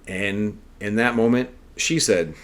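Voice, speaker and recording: Podcast host, a man with a slightly low voice, earnest and conversational, rambling monologue. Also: slow. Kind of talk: casual storytelling monologue.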